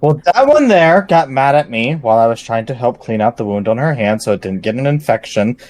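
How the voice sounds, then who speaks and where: A man speaks in character during a tabletop game, tripping over his words as he goes. His pitch swings widely up and down, which gives his talk a bouncy, animated feel. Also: brisk. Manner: stammering, animated. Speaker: player.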